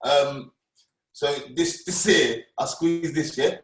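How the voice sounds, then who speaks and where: A man's voice: fairly high pitch, slow pace, fairly bright tone. A man, a guest cook bantering and asking questions while he cooks. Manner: joking, questioning, chatty. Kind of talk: casual banter while cooking. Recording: echoey room, distant mic.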